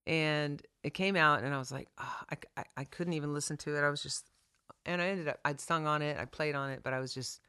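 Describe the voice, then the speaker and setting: Animated low-voiced woman telling a story. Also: clean tone, dry recording, clean studio sound. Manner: animated storyteller, quick to act out the people she quotes. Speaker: songwriter, podcast guest. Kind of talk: storytelling in a conversational interview.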